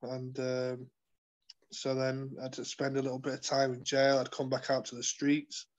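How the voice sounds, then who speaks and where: Man, interview guest, earnest testimony, halting with fillers, monotone delivery. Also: medium pitch, lo-fi sound. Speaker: guest sharing his testimony. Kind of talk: personal testimony in conversation.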